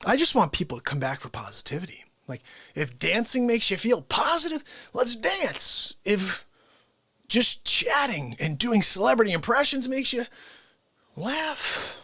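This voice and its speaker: A winded man hosts his live show, joking about himself in a playful, upbeat way. His husky voice swoops from high to low and sits fairly high. The sound is dry and close. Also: very animated, a little slow, pushed and bright, dry recording. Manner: playful, self-mocking, upbeat. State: out of breath. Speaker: host. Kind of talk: live unscripted variety show chat.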